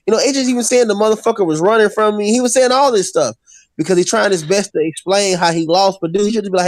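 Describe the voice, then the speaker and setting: A man co-hosting a casual boxing call-in show, ranting rapidly and swearing freely. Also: high voice, no room sound. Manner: rapid, profane, animated ranting. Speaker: podcast co-host.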